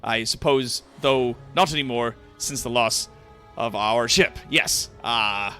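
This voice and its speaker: A man's voice: mid-range voice, slow pace, pushed and bright, clear, resonant tone, faint music behind. A man voicing an eccentric, flustered former ship captain who stammers and giggles nervously. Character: eccentric jittery human ex-captain shipwright, man.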